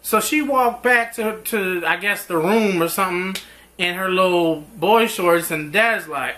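A man's voice: sits high, a little slow. A man reviewing a TV drama episode in a casual recap, acting out characters' lines as he goes. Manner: animated, acts out characters' lines mid-recap. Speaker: TV show reviewer.

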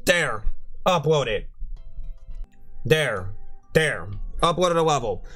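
A man's voice: a little high, sing-song, takes it slowly, bright, forceful tone, faint music behind. Frustrated swearing male game streamer. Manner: frustrated, swearing, repetitive ranting. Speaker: gaming streamer. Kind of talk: live game commentary.

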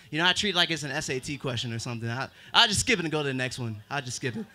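A man's voice: medium pitch, animated, rapid-fire, hardly any pauses, pushed and bright. A man in his twenties doing a self-deprecating stand-up comedy set, with drawling asides. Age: 20s. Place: open mic stage at a bar.

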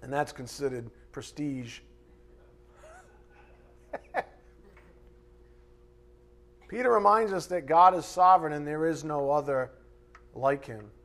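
A man's voice: a little high, lively intonation, slow, pauses often, a bit bright. A man preaching a live sermon from a church pulpit, emphatic and conversational with mocking asides. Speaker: pastor.

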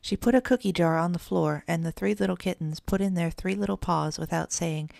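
A woman narrating a children's storybook in an even, measured reading. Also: on the low side, vocal fry, dry recording, clean studio sound.

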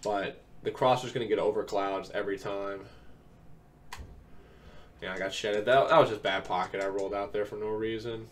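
A man's voice: lowish voice, fairly even intonation, moderate pace. A young man recovering from an illness gives casual gameplay commentary, laid-back and full of ums as he explains plays step by step. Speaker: video game tips creator. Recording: distant mic, faint keyboard noise.

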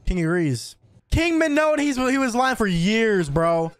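A man hosting an anime reaction, talking casually and excitably, swearing and yelling at the screen. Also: high voice, measured pace, smooth, dry recording, clean studio sound, faint music behind. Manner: excitable, profane, yells at the screen.

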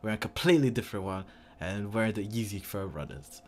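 A young man, making slow, wry remarks in slang during a shopping vlog. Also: on the low side, animated, crowd noise. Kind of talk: casual vlog banter.

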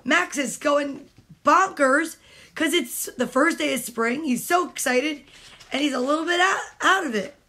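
A woman's voice: high-pitched, a little slow, bright, forceful tone. A woman at home reading picture books aloud to children, playful and chatty, speaking straight to the kids. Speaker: storytime host.

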